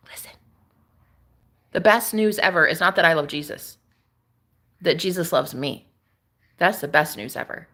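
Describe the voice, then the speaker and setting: Sassy and quick to laugh, a woman who streams spiritual content talks back to viewers during a casual live stream. Her voice is mid-range with a sharp tone.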